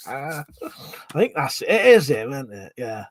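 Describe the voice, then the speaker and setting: A man's voice: medium pitch, sing-song, takes it slowly, no room sound, studio quality. A man from Buckinghamshire, hosting a livestream in casual chat, reading out viewer comments, laughing often and swearing freely. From Buckinghamshire, England. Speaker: livestream host.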